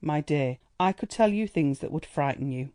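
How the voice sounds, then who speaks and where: Storybook society woman, indulgent and condescending, played by the narrator in a mellow, dry read. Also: mid-range voice, lively intonation, moderate pace, no echo, close to an everyday voice. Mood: counselling. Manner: indulgent, chattering, patronizing. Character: gushing condescending society woman, young adult.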